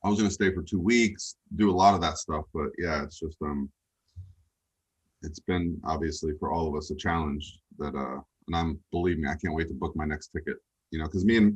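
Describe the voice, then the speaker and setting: A man with a low, husky voice talks as a podcast guest. He rambles in a relaxed way, full of "um"s and loose restarts, like easy conversation between friends. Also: brisk. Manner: rambling, relaxed, many fillers. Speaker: guest coach. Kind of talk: casual interview chat.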